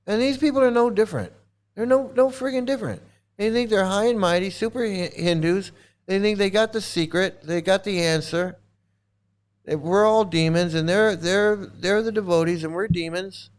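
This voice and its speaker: A man's voice: high voice, normal speed. A man ranting in angry commentary as a former member, profane and repetitive, restarting his sentences.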